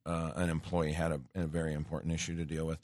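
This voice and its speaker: A man's voice: a bass voice, completely flat delivery, fast talker, a little mellow, dry recording. A man hosting a talk show from a studio, speaking in a rambling, conversational monologue full of restarts and asides. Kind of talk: casual radio monologue. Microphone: studio microphone.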